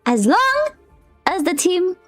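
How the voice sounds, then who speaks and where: A young woman streams a game with a very high, unhurried voice that swoops all over. She shrieks, swears and laughs her way through tense moments, with soft game music behind her. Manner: excitable, shrieking and laughing under pressure; swears and pleads rapidly. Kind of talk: live gaming stream commentary.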